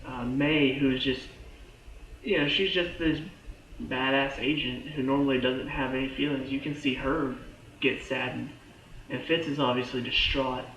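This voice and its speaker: A man giving a casual spoken review of a TV show, excitable and full of fillers and restarts. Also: medium pitch, unhurried, echoey room, muffled recording, a little hiss or hum.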